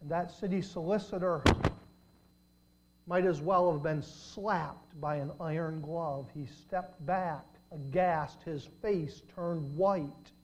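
A man preaching a sermon, telling a story with dramatic swings from loud to hushed. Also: fairly high pitch, slow pace.

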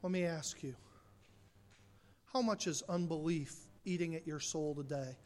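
A male pastor preaching an impassioned sermon that swings from loud emphasis to quiet intensity, with direct questions to the congregation. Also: a little high, unhurried.

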